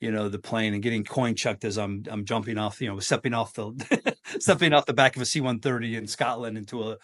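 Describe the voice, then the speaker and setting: A middle-aged man telling stories as a podcast guest in a casual, energetic way, often breaking into quoted voices. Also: a little fast. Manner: energetic, acts out quoted voices with big pitch jumps. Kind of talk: casual storytelling.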